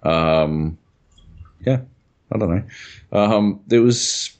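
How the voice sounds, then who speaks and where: A deep-voiced man chats in a laid-back, agreeable way, hesitating as he gathers his thoughts. He sounds relaxed and easygoing. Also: extremely slow. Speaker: podcast co-host. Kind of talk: casual chat.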